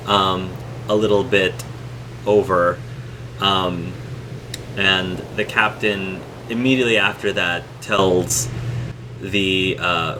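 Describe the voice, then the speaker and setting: Brief: halting, low-pitched male game master narrating a tabletop session over a noisy hum. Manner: halting, many ums and restarts.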